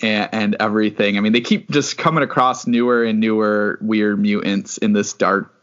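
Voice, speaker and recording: A man's voice: fairly low pitch, steady tone, moderate pace, fairly bright tone, highs cut off. A man co-hosting a podcast, loosely retelling a story with lots of fillers as he talks it through. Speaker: podcast co-host. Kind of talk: casual book discussion.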